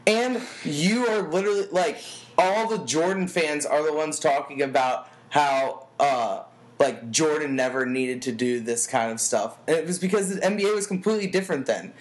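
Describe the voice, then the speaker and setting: A man's voice: a little high, normal speed, rough recording. A man co-hosting a sports podcast, arguing defensively with lots of "like" in casual chat. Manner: argumentative, defensive, filler-heavy. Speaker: podcast co-host.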